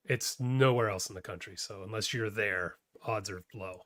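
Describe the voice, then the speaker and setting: Brief: man, easygoing co-host, bright tense voice, dry close sound. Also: on the low side, moderate pace, dry recording. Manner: easygoing, laughs often. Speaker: podcast co-host. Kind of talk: casual chat.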